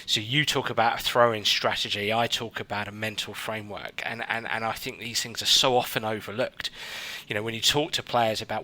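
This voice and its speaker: A man hosting a sports psychology podcast, talking in a lively, casual interview style with frequent restarts and fillers. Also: mid-range voice, a little fast. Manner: animated, many restarts and fillers. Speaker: podcast host.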